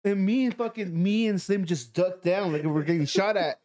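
A man telling a profane story to friends, animated and laughing as he goes. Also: high-pitched, normal speed. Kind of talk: casual storytelling among friends.

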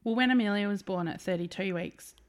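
A woman's voice: mid-range voice, brisk. Playful, blunt woman host. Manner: playful, blunt, laughs easily. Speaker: podcast host. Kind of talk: casual podcast chat.

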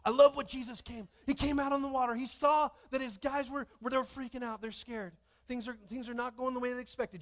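A young man preaching a lively sermon as pastor, calling out to his congregation in church. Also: very high voice, fairly quick, hardly any pauses. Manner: animated, calls out to congregation.

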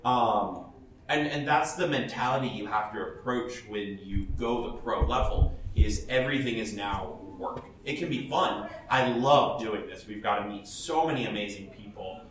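A man's voice: fairly low pitch, moderate pace, fairly bright tone, slight background noise. A man giving blunt, chatty advice to an audience as a professional cosplayer, laughing often and restarting his sentences. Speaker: professional cosplayer speaking at a panel. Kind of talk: casual advice talk to an audience. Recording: echoey hall, voice from far off, faint ambience.

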